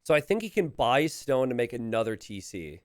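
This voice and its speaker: A man commentating a recorded strategy game match, animated and chuckling, calling out to the players. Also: mid-range voice, moderate pace.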